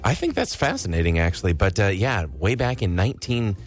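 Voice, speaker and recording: Upbeat low-voiced male radio host. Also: very animated, fairly quick, soft background music. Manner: upbeat, reads ads and phone number. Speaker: radio morning show host. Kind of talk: radio show banter and trivia.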